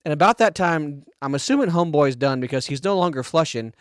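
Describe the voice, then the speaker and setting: A man on a podcast telling a crude, animated story between laughs in casual chat. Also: on the high side, fast, smooth, no echo, studio quality. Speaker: podcast co-host.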